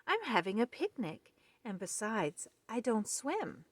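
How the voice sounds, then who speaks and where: A woman's voice: a little high, sing-song, measured pace, no echo, voice pushed up. Timid little pig, as a woman reads him. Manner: worried, protesting. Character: timid male pig, nervous about swimming.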